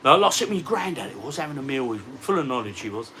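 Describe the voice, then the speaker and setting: Chatting casually on a livestream from his games room, a matey retro gaming vlogger in his forties reads out comments from viewers. His mid-range voice is fast, bright and lively with swinging pitch, captured from a distant mic with faint background noise.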